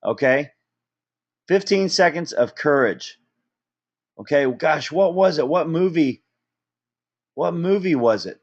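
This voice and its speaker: A man giving a motivational business training talk, energetic and checking in with "okay?" and "right?" after nearly every point. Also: a little high, slow, pauses often, muffled recording.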